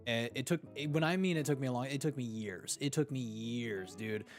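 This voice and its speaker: Slangy, animated podcast host man. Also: medium pitch, a little fast, soft background music. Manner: slangy and animated, fond of "dude" and "freaking". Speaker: podcast host reading live chat. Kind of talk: casual chat.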